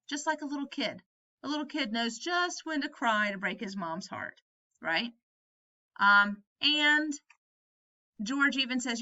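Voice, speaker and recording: A woman's voice: mid-range voice, sharp tone, lo-fi sound. A woman teacher explaining a novel to students in a conversational way, often checking whether they follow. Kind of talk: recorded lesson reviewing a novel.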